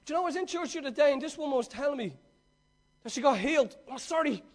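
A man preaching a sermon, swinging between loud, excited storytelling and hushed, earnest talk, with a conversational, slangy manner. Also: very high-pitched, racing.

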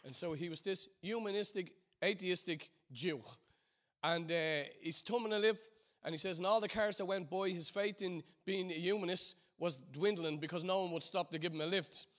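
A man with a lilt preaches and prays to his church, his fairly high voice dropping low and soft in prayer and climbing loud in excited asides. He tells his story loosely, with plenty of ums and restarts. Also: normal speed. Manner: storytelling with fillers and restarts, swings between hushed and loud. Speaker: church leader. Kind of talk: sermon and prayer.

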